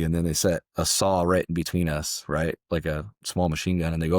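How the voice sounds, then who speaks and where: A man's voice: low-pitched, level tone, brisk, hardly any pauses, no echo, clean studio sound. A man from Southern California, a former security contractor, telling stories as a guest in a casual interview, loose and conversational with frequent restarts.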